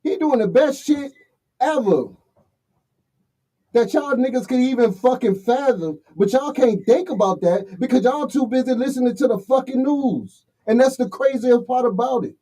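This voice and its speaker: High, bright-voiced man ranting casually. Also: normal speed, poor audio. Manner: heated, blunt, swearing. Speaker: livestream host. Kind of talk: profane casual rant reading comments.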